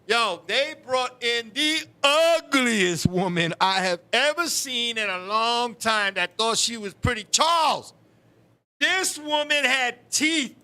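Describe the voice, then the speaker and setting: High, sharp-voiced man telling stories. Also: measured pace. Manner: animated, profane storytelling with frequent laughs. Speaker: talk show host. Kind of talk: casual live-stream chat.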